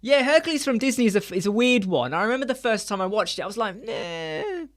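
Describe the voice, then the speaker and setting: A man, hosting a casual live stream chat from a small room lined with soundproof panels, animated and acting out quoted voices. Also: high voice, rapid-fire.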